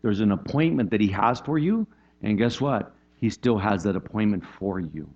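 A man preaching a conversational sermon as pastor, animated, often asking "right?" and jumping up in pitch for emphasis. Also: normal speed. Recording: dull lo-fi sound.

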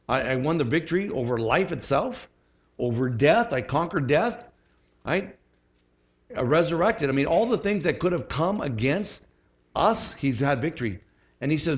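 A man's voice: medium pitch, lo-fi sound. A middle-aged man giving a sermon as a pastor, earnest and conversational, with lots of fillers and restarts.

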